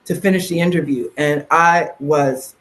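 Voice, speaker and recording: A middle-aged woman from Canada speaks as a podcast guest. She tells her story in an animated, conversational way. She often slips into the voices of the people she quotes. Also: low-pitched, unhurried.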